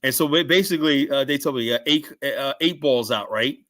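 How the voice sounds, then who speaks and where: A man's voice: mid-range voice, fairly quick. A middle-aged man telling stories in a casual podcast chat, rambling, tagging "right?" and "whatnot" onto his lines. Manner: rambling storyteller, keeps adding "right?" and "whatnot", shouts out quoted lines. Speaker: guest telling security stories.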